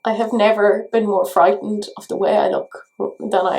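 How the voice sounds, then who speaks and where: A woman's voice: medium pitch, wildly swooping pitch, normal speed, darkish tone. An Irish woman chatting through a makeup tutorial in a chatty, self-mocking way. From Ireland. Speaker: beauty vlogger. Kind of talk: casual makeup tutorial chat.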